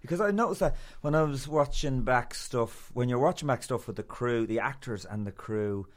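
A man's voice: mid-range voice, moderate pace. A man hosting a casual interview, chatty, with frequent affirming yeahs. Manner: chatty, lots of backchannel yeahs.

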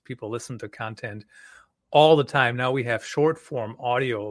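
A man's voice: medium pitch, fairly bright tone, no room sound, studio quality. A man hosting a podcast interview, talking in a firm, direct way. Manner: firm, direct, can sound like a drill sergeant. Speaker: podcast host.

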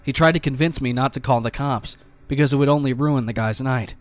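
A man giving scripted narration of reader stories in an even, measured delivery. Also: mid-range voice, dry recording.

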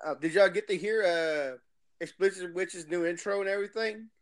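A man's voice: sits high, normal speed, no room sound. A man co-hosting a podcast in casual chat, loose and slangy, often chuckling. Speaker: podcast co-host.

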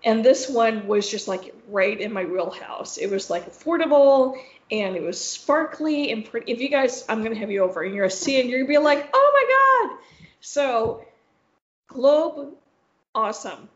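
A woman's voice: a little high, a little fast. A young woman co-hosting a podcast, rambling through a story with lots of swearing and "like". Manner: rambling, swearing, heavy use of "like". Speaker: podcast co-host. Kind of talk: casual storytelling chat. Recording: roomy, slightly dull sound.

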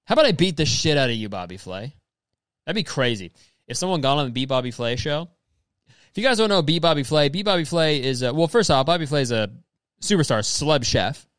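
A man's voice: fairly high pitch, lively intonation, a little fast, fairly bright tone, no room sound. A young man hosting casual comedic commentary, reading messages aloud and riffing on them in a profane, rambling way, often putting on mocking voices. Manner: profane, rambling, says "dude" constantly; mocking, slips into exaggerated quoted voices.

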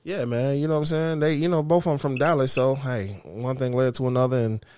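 A man's voice: mid-range voice, fairly even intonation, fairly quick, darkish tone, no echo. A man co-hosting a podcast in casual chat, laid-back and teasing with dry jokes. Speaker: podcast co-host.

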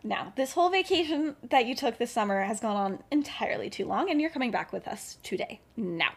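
A woman voicing a cold, controlling aristocratic witch mother who gives quiet, clipped orders. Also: on the high side, animated, brisk, husky. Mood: coldly commanding.

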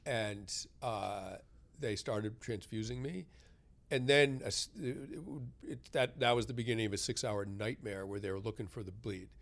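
A writer in an interview, telling a personal story with animated delivery and acted-out quotes. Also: male voice, lowish voice, normal speed. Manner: animated, acts out quoted voices. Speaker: guest, writer.

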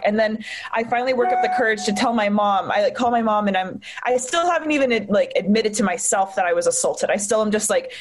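A young woman telling a personal story in conversation, candid and halting, with many fillers and restarts. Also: medium pitch. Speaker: guest.

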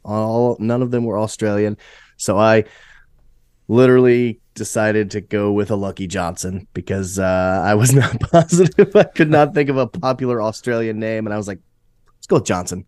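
A man's voice: on the low side, normal speed, darkish tone, dry recording, clean studio sound. A man, a joking, self-deprecating quiz contestant chatting casually. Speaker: game show contestant. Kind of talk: casual chat.

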